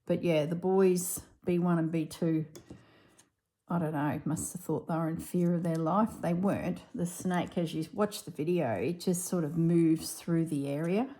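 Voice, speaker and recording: A woman's voice: lowish voice, fairly even intonation, normal speed, dark tone. A middle-aged woman, chatting casually and laughing as she tells a story during a crafting vlog. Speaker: crafting vlogger. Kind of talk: casual chat while crafting.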